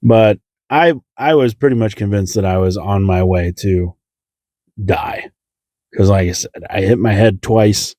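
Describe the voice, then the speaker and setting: Self-mocking storytelling man, mellow dry voice. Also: a little slow, no room sound. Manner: self-deprecating, acts out voices with big pitch jumps. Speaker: comedian telling a story. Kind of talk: comedic storytelling.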